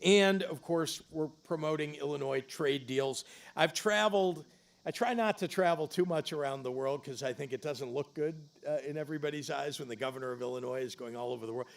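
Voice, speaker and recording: A middle-aged man delivers a political stump speech into a podium microphone. His voice sits a little high and carries a gravelly rasp. He pushes out loud punches and drops low for the grave points. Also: brisk. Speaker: governor giving a campaign speech. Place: public campaign event.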